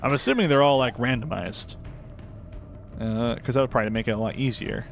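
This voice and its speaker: A man's voice: mid-range voice, brisk, creaky, soft background music. A young man giving casual, self-deprecating commentary while playing a game, rambling in chatty asides. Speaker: gameplay commentator.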